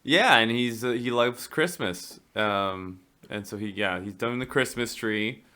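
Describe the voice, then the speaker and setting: Bright-voiced jokey man. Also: medium pitch, measured pace. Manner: jokey, laid-back, playful. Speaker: podcast co-host. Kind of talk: casual film discussion.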